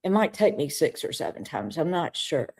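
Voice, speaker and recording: A woman's voice: sits low, big pitch swings, normal speed, vocal fry, darkish tone, husky. A woman co-hosting a talk show, candidly telling an emotional personal story in conversation. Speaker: co-host.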